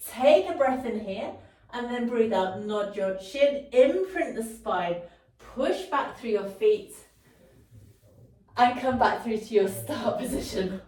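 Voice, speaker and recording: Woman fitness instructor, slow, encouraging cues, recorded off-mic in a reverberant room. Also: a little high, a little mellow. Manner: encouraging, cueing breath and movement, occasional laughs. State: slightly out of breath at times. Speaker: Pilates instructor. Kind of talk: guided workout instruction. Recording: roomy echo, mic at a distance.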